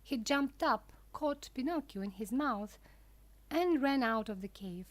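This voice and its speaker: Slow, careful woman reading a storybook. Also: a little high, animated, no echo. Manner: careful, clear, deliberate. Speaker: narrator. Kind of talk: slow storybook narration for learners.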